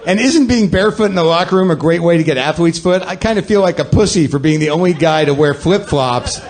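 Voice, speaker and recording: Fairly high-pitched and fast, with background noise behind him, a podcast host delivers a ranting comic monologue in a slightly raised voice. He plays to a live crowd, sardonic and quick to mock himself.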